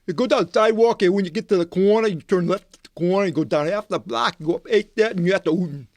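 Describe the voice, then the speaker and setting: A man putting on an impatient male gate guard who rattles off rapid, clipped directions. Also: sits high, animated, no echo, voice pushed up.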